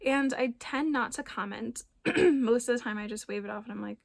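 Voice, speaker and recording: A woman in her thirties, a naturopathic doctor, talking gently and conversationally to her viewers, with many ums and soft laughs. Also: a little high, moderate pace, creaky. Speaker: naturopathic doctor and wellness coach. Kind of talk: casual reflective talk to camera.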